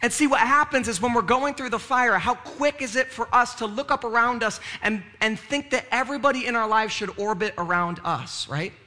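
A man's voice: very high voice, brisk, few pauses, pushed and bright. A male pastor preaching a sermon in a conversational way, with frequent "right?" asides and moments of rising fervor.

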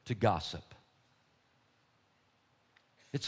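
A man preaching from the pulpit with dramatic swings between quiet intensity and loud emphasis. He drives his points home through repetition, building and falling in waves. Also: mid-range voice, a little slow. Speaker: pastor. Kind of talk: sermon.

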